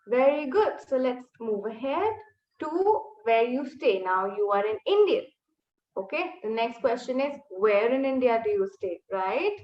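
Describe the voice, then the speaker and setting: Lively high-voiced woman teaching slowly. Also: echoey room, highs cut off. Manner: slow, drawn-out modelling of tones for repetition. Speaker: Chinese language teacher. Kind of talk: live online language lesson.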